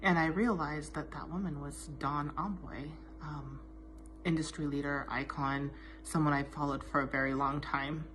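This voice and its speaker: Low-voiced woman telling a heartfelt story. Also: fairly even intonation, moderate pace, noisy background. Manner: heartfelt, self-deprecating anecdote. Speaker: dog groomer. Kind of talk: personal storytelling tribute.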